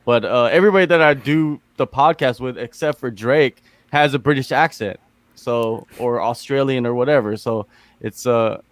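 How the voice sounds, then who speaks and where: An American man hosts a laid-back podcast chat, his questions rambling and packed with fillers. His voice sits in the mid-range, he speaks at a moderate pace, and there's no room sound.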